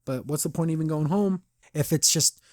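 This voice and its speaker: A man voicing a sad, withdrawn teenage girl, speaking softly and low. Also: fairly quick, dry recording, studio quality, lightly acted.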